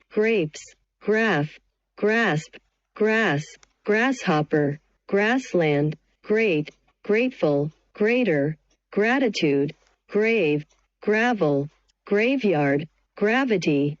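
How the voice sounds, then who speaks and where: A woman's voice: mid-range voice, no echo, dull audio. A woman reading English vocabulary words one at a time, each evenly spaced. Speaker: vocabulary reader. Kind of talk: slow word-list reading.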